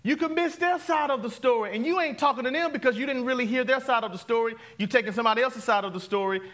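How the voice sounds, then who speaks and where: A male pastor, preaching an interactive, call-and-response sermon that swings from loud to hushed, laughing often. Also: extremely high pitch, fast.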